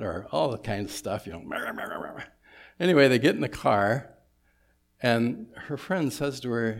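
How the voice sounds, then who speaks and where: A man's voice: medium pitch, big pitch swings, measured pace, creaky. A man preaching a sermon in a church, conversational and sprinkled with humorous asides. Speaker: pastor.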